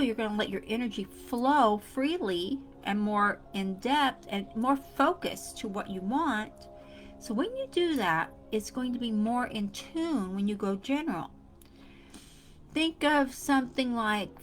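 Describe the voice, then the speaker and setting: A woman talks straight to camera in a casual motivational tutorial, earnest and repeating her points. Her voice sits a little high. Soft music plays faintly beneath her. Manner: earnest, repetitive, speaks straight to the viewer. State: coughing fits. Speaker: self-help vlogger.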